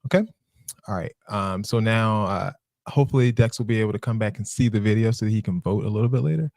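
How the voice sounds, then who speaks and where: A man's voice: fairly low pitch, quick pace, gravelly, a little mellow, dry recording, clean studio sound. A man hosting a casual podcast chat and introducing clips in a playful, laid-back way. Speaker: podcast host.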